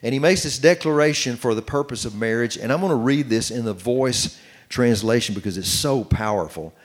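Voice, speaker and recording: A middle-aged man preaching on marriage, reading scripture slowly and commenting as he goes. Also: mid-range voice. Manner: earnest, reads scripture slowly with running commentary. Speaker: pastor teaching on marriage. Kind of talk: sermon-style Bible teaching.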